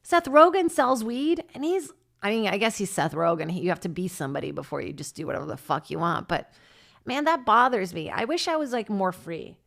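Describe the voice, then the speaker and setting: A woman's voice: brisk, creaky. Chatty woman comic riffing solo. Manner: rambling, self-deprecating, breaks into laughter, lively jumps in pitch. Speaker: podcast host and stand-up comic. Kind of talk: casual solo comedy monologue.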